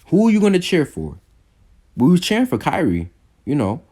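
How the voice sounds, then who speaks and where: A young man casually reviewing a wrestling show, rambling with lots of fillers and restarts, and jumping up in pitch when he gets exasperated. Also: huge pitch swings, normal speed, warm tone. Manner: jumps high when exasperated. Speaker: wrestling podcast host.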